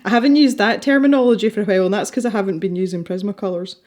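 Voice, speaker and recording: A woman's voice: mid-range voice, very fast, darkish tone. Chatty Scottish woman colouring on camera. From Scotland. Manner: chatty, rambling, laughs easily. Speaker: colouring channel host. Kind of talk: casual chat while colouring.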